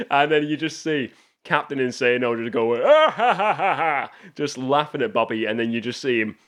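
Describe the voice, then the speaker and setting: A man hosts a casual movie review show, with a middle-pitched voice. He talks with eager enthusiasm, restarting sentences and wandering into asides as he goes. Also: steady tone, normal speed, fairly bright tone, clear, resonant tone. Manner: enthusiastic, rambling, frequent restarts. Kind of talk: casual film review commentary.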